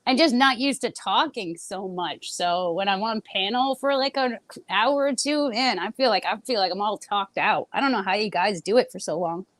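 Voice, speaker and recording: A woman co-hosting a casual live-stream panel, chatty and halting, with lots of fillers. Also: medium pitch, a bit bright, no room sound. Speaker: panel co-host.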